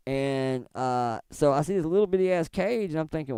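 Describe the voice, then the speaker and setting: A fairly high, mellow man's voice, smooth and full, talking casually and swearing freely as he tells stories. He jumps into mocking high-pitched voices now and then. The sound is close and dry. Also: lively intonation, fairly quick, hardly any pauses, no room sound. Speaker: stream co-host. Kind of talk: casual profane chat.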